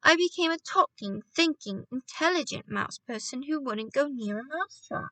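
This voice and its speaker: Woman doing an eager boy-mouse, high, bright, excitable, storybook reading. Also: moderate pace, dry recording, far from the mic, rough recording.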